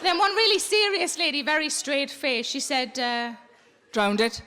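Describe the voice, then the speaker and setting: A woman doing live stand-up comedy, telling sweary deadpan stories and bantering with the audience. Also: sits high, normal speed, over a noisy crowd. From England. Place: large theatre with live audience. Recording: live theatre recording with loud audience noise. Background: loud audience laughter.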